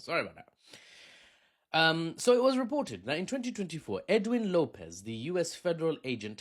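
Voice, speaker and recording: A young man hosting a casual storytime commentary, joking, laughing at his own asides and slipping into silly put-on accents. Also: on the high side. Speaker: host.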